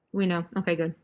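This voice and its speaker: Chatty young woman tutoring chemistry. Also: medium pitch. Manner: casual, chatty, joking sarcasm. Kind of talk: online review session.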